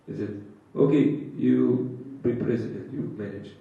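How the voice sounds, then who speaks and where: A man giving a devotional scripture class in simple broken English, speaking haltingly with frequent pauses and filler sounds. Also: medium pitch, vocal fry. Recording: echoey, dull, distant hall sound.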